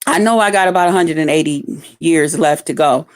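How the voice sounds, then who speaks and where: Animated woman in a dry close recording. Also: low voice, fairly quick, dry recording. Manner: animated storytelling, acts out quotes loudly, laughs often. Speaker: vlogger. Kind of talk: casual chat to viewers.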